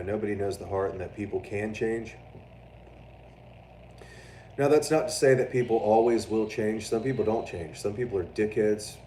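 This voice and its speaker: Low-voiced guy ranting on his stream, cussing a lot, roomy echo, sounds a bit off mic. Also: distant mic, a little hiss or hum. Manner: loud, animated, profane, prone to mocking voices. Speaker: livestream host. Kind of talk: casual livestream chat reading viewer comments.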